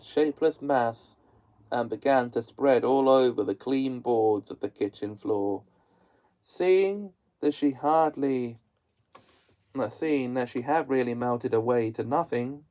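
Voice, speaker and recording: A man reading a classic children's story aloud as narrator, in slow, measured storytelling. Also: medium pitch, warm tone, rough recording. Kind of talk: audiobook-style reading.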